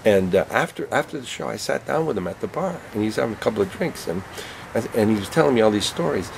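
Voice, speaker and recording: Gravelly-voiced comedian telling stories. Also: male voice, fairly low pitch, fast, rough recording. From Canada. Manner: animated anecdotes, voices other people. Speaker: comedian guest. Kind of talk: storytelling interview. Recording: background noise, vehicle sounds.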